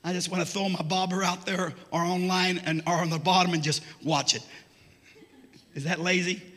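A man preaching a sermon to a church, folksy and joking, rising often into shouts. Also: sits high, little pitch movement, moderate pace, big-room sound.

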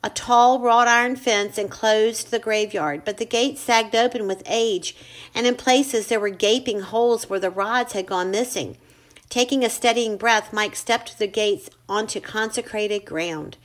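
A woman narrating a ghost story in a measured, suspenseful way. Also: on the high side, steady tone. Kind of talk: scripted narration.

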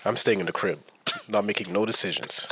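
A young man co-hosting a casual chat, teasing and quick with questions in a laid-back way. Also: on the low side, steady tone, pushed and bright, slight background noise.

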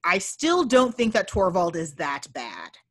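A woman's voice: lowish voice, unhurried. A young woman co-hosting a casual podcast chat about a book, swearing freely and acting out lines in other voices. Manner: animated, profane, acts out voices of characters. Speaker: podcast co-host.

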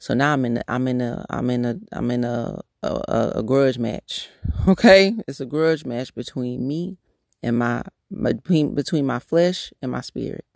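A woman's voice: very deep voice, normal speed, creaky, a little mellow, no echo, clean studio sound. A woman hosting a devotional podcast, telling a personal faith story in an earnest, candid way, often restarting her sentences. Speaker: podcast host.

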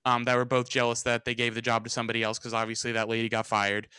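A young male podcast host with a smooth, clear voice tells a rambling, animated story and acts out everyone's lines along the way. The sound is dry and close, with no room in it. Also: mid-range voice, quick pace, dry recording. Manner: animated, rambling storyteller who acts out quotes and swears freely. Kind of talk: casual storytelling chat.

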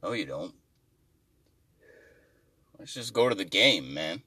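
Deep-voiced man on a profane rant. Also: expressive, takes it slowly, pauses often, sharp tone, breathy edge, recorded from a distance. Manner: rambling, profane, exasperated. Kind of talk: comic rant.

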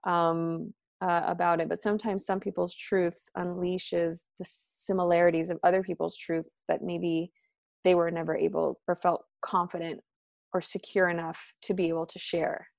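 A woman talking casually as a podcast guest, animated and full of "like" and "um", acting out what her friends said. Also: moderate pace, vocal fry, no room sound, clean studio sound. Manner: animated, acts out quoted friends with pitch jumps; filler-heavy, frequent "like" and "um". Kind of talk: casual conversation.

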